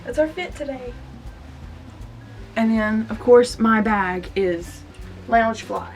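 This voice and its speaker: A woman's voice: fairly high pitch, fairly even intonation, a little slow, long pauses. A young woman in her twenties talking casually to camera in a personal vlog, confiding and emotional. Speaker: vlogger. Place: store aisle, indoors. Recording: faint background music.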